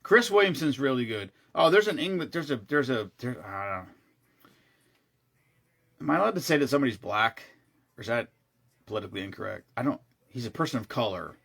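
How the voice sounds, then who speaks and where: A man in casual conversation, talking in loose, rambling runs that often break off and start again. His voice sits in a middle pitch, and he drops in blunt, profane asides as he goes. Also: big pitch swings, a little fast, vocal fry, long pauses, fairly bright tone. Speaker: show regular. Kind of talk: casual chat.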